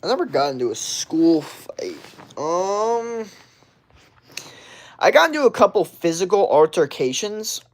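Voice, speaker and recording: A young adult livestreamer with a high-pitched, sing-song voice speaks a little slowly. His story rambles, is full of profanity and uses "like" constantly.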